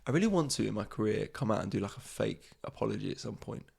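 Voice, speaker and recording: A man's voice: lowish voice, animated, quick pace, vocal fry, darkish tone, husky. A man, a comedian hosting his podcast in a casual, rambling monologue, swearing freely and mocking himself.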